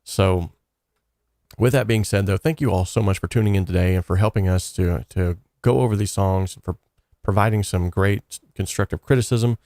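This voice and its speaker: A man's voice: deep voice, moderate pace, mellow, dry recording, studio quality. A man hosting a casual livestream, talking in an earnest, encouraging way and rambling loosely with frequent fillers. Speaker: livestream host of a song contest.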